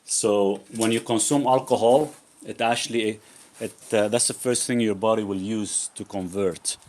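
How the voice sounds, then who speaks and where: Man, somewhat low voice, casual live Q&A host, rambling, frequent restarts, outdoors in a backyard. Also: fairly even intonation, moderate pace, darkish tone. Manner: rambling, many restarts and repeated "actually".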